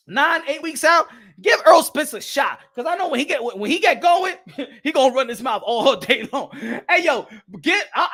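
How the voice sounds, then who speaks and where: A man hosting a boxing channel, ranting to camera in a loud, repetitive, trash-talking way and keeps asking "huh?". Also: very high voice. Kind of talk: casual rant to camera.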